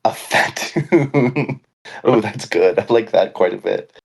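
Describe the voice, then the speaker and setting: A man's voice: low voice, fairly even intonation, normal speed, creaky, mellow, slightly rough. A man co-hosting a casual podcast chat, joking and rambling, laughing often. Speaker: podcast co-host.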